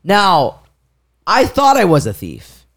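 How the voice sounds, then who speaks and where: Man, podcast co-host, lively storyteller, swinging pitch, does voices in his anecdotes. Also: slow. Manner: animated, acts out quoted voices, laughs mid-story. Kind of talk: casual storytelling chat.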